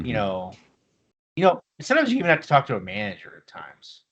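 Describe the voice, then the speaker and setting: A man's voice: lowish voice, huge pitch swings, quick pace, a bit bright, husky. Brash, demanding male player. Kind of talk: playing a tabletop game in character.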